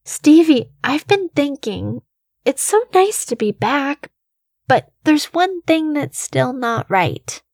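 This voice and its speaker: A woman doing an unhinged man-child killer from a horror story, his voice pitched high and whiny like a small child's. The voice comes across close and dry, with a slow, drawn-out delivery that is deliberately creepy. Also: big pitch swings, a little mellow, no echo, exaggerated voice. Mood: childish, eager.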